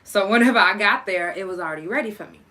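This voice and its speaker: A young woman talks through a personal story in a bright, forward voice. She is casual and profane, and she acts out each person she quotes, her own side loud and lively. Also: mid-range voice, fast. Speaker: podcast host telling a story.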